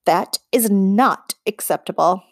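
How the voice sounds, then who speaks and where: A woman's voice: mid-range voice, takes it slowly, no room sound, studio quality. A woman voicing a determined human mother in an audiobook, speaking firmly and bluntly. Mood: defiant. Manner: firm, blunt. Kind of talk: audiobook character reading.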